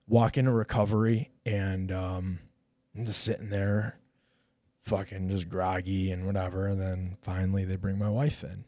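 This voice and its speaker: A man's voice: low voice, normal speed, dry recording. A middle-aged man, a retired police officer, telling his own story in a casual podcast chat, swearing freely and acting out the lines of the people in it. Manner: profane, animated retelling with quoted dialogue.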